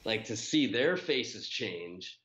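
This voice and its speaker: A man's voice: fairly low pitch, lively intonation, slow pace, fairly bright tone. A man, a guest on a running podcast, telling his race story in a casual, rambling way with many fillers and restarts.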